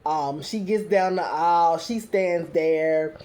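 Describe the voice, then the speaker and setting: A woman's voice: lowish voice, takes it slowly, warm tone. A young adult woman giving a casual recap review, chatty and full of fillers, with blunt, sassy asides.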